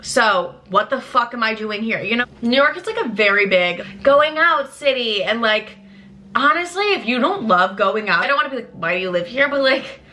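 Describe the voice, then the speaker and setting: A woman in her twenties chatting candidly to camera, blunt and chatty, swearing freely as her pitch swings up and down. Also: lively intonation, moderate pace, bright, forceful tone, slight background noise. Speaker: lifestyle creator. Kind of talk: candid casual chat to camera.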